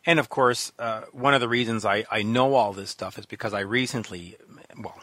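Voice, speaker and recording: A man's voice: lowish voice, moderate pace, pushed and bright, no echo. A Canadian man hosting a radio interview, upbeat and chatty, with effusive introductions. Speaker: radio host.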